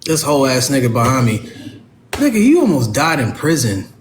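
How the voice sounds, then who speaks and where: A man's voice: mid-range voice, huge pitch swings, moderate pace, noisy background. Profane, agitated man ranting on a livestream. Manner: heavily profane, agitated, talks straight to chat. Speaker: livestream host. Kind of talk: angry livestream rant to chat.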